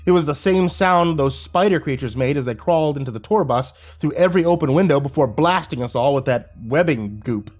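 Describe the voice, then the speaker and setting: A man narrating a horror story in a steady storytelling delivery. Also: a little high, a little fast, hardly any pauses.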